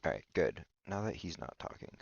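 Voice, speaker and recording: Very low-voiced rambling podcast man. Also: sing-song, brisk, vocal fry, breathy edge, no room sound. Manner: hesitant, filler-heavy, restarts often. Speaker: podcast host. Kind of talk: rambling comedic monologue. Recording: dull lo-fi dry recording.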